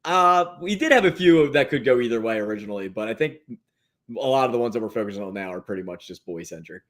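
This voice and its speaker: A young adult man in a casual podcast chat who laughs often and lets his sentences trail off quietly. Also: mid-range voice, animated, fast talker.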